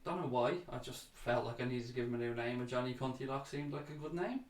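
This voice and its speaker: A man's voice: medium pitch, quick pace, echoey room. A man hosting a casual fan chat livestream, reading out viewer comments and chatting back to them, calling people mate.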